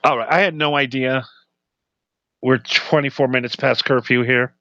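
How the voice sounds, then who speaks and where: A man's voice: mid-range voice, steady tone, normal speed, bright, forceful tone, no echo. A man co-hosting a comedy podcast in casual banter, rambling and laughing often as he acts out quotes. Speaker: podcast co-host. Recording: dull, slightly muffled sound.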